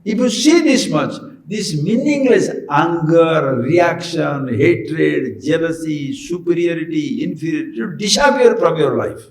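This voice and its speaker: Male spiritual teacher, slightly high voice, echoey room, animated questioning delivery. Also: measured pace, hardly any pauses. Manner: animated, rhetorical questions to listeners. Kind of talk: spiritual discourse.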